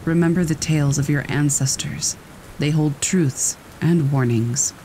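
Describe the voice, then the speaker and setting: Storybook role: a man reading as an elderly forest guardian woman, gentle and measured, mellow tone, soft rain behind. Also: on the high side, slight background noise, poor audio. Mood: gentle warning. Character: wise old female forest guardian.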